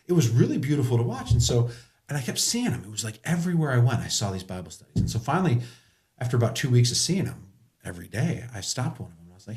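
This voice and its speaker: A man's voice: mid-range voice, sing-song, racing, darkish tone, echoey room. A middle-aged man telling stories in an earnest, casual chat, often quoting what others said. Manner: earnest, storytelling with quoted dialogue; joking. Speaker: podcast guest.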